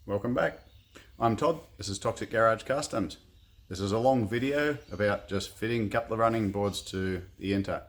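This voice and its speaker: A man's voice: fairly low pitch, normal speed. An Australian man in a home workshop shed, talking through his truck build in a laid-back, rambling, self-deprecating way. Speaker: custom car builder. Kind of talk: casual workshop vlog.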